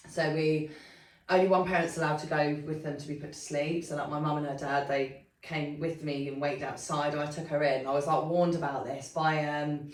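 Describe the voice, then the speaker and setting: A woman's voice: low voice, little pitch movement, normal speed. A young woman, co-hosting a podcast and telling a story in candid, casual chat full of swearing and fillers. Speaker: podcast co-host. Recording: roomy sound from a distant mic.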